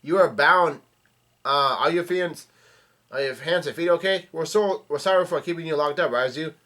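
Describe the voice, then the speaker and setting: A man's voice: on the high side, normal speed, a bit bright, natural voice. A man voicing an animal-folk subject from a comic, reading the lines in a raised, gushing way.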